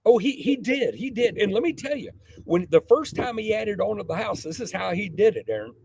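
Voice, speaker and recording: A middle-aged man, a podcast guest telling a folksy, animated story from his childhood. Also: high voice, fairly quick, gravelly, husky, no echo. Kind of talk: casual storytelling.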